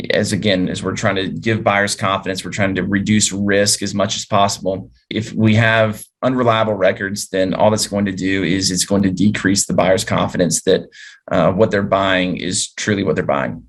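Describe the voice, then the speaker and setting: Guy with a low gravelly voice walking through deal stories in a training webinar, chatty. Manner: conversational, explains through client stories. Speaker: M&A advisor presenting a webinar.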